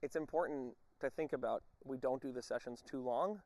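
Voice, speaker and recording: A man's voice: medium pitch, moderate pace, a little mellow, no room sound. Man training a dog, firm commands. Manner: short firm commands to the dog between explanations; addresses viewers directly as folks. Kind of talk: instructional commentary while training a dog.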